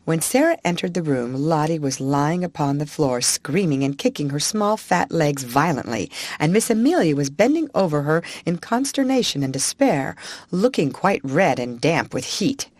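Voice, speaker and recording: A woman narrating a classic children's storybook in an expressive, animated reading. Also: low voice, moderate pace, no echo. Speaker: audiobook narrator.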